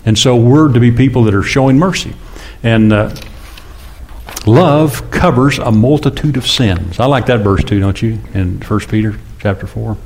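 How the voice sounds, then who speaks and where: A man in his sixties preaching a conversational sermon, often asking the congregation questions and acting out quoted speakers in louder, higher bursts. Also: moderate pace, a little hiss or hum. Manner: chatty, asks the congregation questions, acts out God and James. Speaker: pastor.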